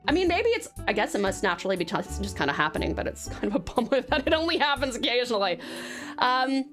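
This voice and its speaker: Speaking fast over soft background music, a young woman from Tasmania, Australia, keeps her live stream bubbly and casual. Her voice is on the high side, very animated, and fairly bright, with an Australian accent touched by American. She laughs often and greets viewers with pet names.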